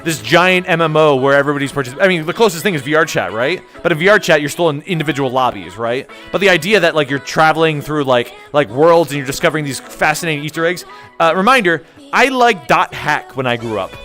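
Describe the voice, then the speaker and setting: A man's voice: on the high side, animated, fast talker, fairly bright tone, faint music behind. A young man chatting casually on a live stream, rambling and jokey as he reads chat aloud.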